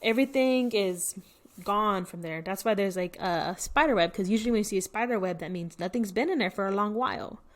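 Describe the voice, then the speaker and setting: A woman's voice: medium pitch, fairly quick. A woman reading a picture book to children, patiently explaining words and asking questions. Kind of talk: read-aloud lesson.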